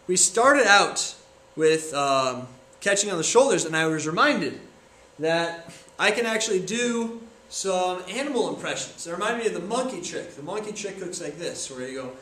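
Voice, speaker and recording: A man's voice: high-pitched, animated, normal speed, bright, forceful tone. Young man talking in an echoey room. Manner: joking, self-deprecating, chatty. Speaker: video maker. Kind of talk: casual self-filmed tutorial talk. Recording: echoey room from far off, faint noise.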